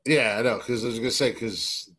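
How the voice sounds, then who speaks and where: A man co-hosting a casual podcast with a plain, mid-pitched voice. He talks in a laid-back way and teases his partner with dry wit. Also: brisk, a bit bright. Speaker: podcast co-host. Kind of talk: casual banter.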